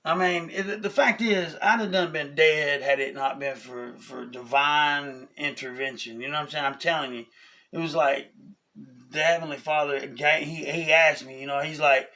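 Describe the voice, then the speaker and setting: A man, telling a personal story in a casual, animated way, often asking "you know what I'm saying?". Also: on the high side, normal speed. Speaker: vlogger.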